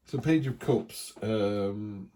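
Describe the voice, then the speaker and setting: A man's voice: medium pitch, warm tone. A man giving a casual tarot reading, chatty and thinking aloud with many restarts. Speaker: tarot reader.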